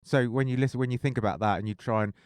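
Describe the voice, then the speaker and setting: Man, podcast co-host, teasing, mid pitch, dry sound. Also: very fast, smooth, dry recording. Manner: teasing, laughs often. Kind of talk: casual chat.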